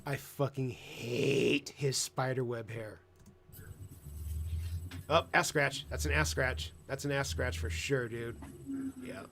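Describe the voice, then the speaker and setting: A man's voice: medium pitch, steady tone, slow pace, creaky, long pauses, fairly bright tone, slight background noise. A man hosting a casual reaction commentary show, mocking and sarcastic with crude jokes. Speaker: commentary host.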